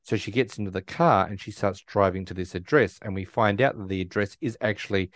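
A man with a somewhat low voice recaps a movie in casual conversation, stumbling and restarting as he goes. The sound is dry and close, with no room around it. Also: brisk, no echo. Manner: rambling storyteller, many restarts and quoted lines. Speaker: podcast co-host.

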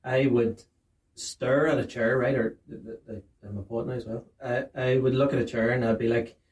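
Very deep-voiced woman. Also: fairly even intonation, moderate pace, darkish tone. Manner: laid-back, blunt, swearing. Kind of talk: casual podcast chat. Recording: roomy sound, distant mic, faint hiss.

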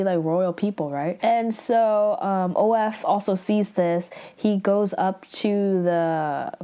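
A young woman recaps a drama episode in a loose, chatty way, with "like" scattered through her lines. She breaks off for quick, reactive asides in a mid-range voice. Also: medium pitch, warm tone.

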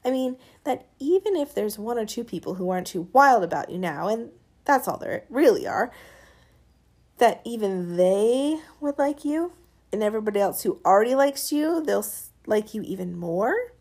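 A woman voicing a feisty, sharp-tongued young girl in an audiobook, taunting and scolding. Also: a little high, animated, normal speed. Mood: coaxing. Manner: taunting, scolding, sometimes yelling. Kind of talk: audiobook character reading.

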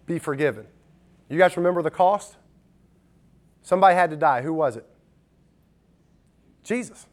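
A middle-aged male pastor giving a conversational sermon, acting out little quoted voices as he goes. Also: fairly high pitch.

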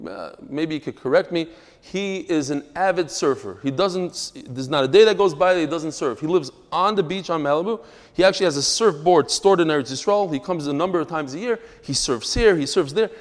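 A man teaching a daily Talmud class as a rabbi, telling stories and explaining texts in an animated, emphatic way with quick asides. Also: fairly high pitch, long reverb tail. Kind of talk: lively storytelling and teaching.

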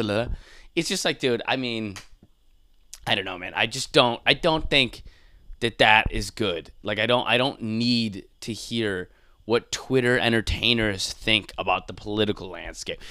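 A man rants into a close, dry mic in a loose talk-show monologue, swearing freely. His pitch sits at an ordinary middle, and he jumps into mocking impressions when he gets worked up. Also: dry recording. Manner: profane, animated, exasperated, mocking voices. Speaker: podcast host. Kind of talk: casual ranting monologue.

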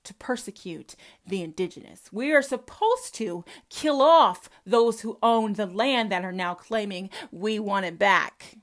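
Unhurried and mid-range in pitch, a woman from the Southern United States with a Southern accent delivers a combative religious rant to camera as a commentator, laced with profanity and rhetorical questions.

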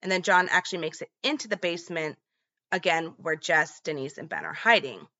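A woman's voice: sits low, animated, fairly quick, pushed and bright, highs cut off. A woman casually retelling a movie's plot in a chatty vlog, with lots of fillers. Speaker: movie recap vlogger.

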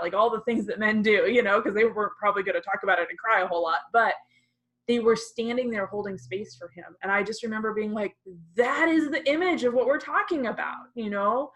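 A woman's voice: mid-range voice, a bit bright, low-quality recording. A woman in casual conversation, telling a personal story earnestly and with animation, using plenty of fillers.

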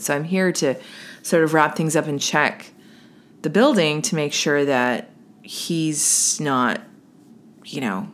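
A woman who works as a medium, telling a personal ghost encounter in a casual, animated way with quoted asides. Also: sits low. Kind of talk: casual spoken storytelling.

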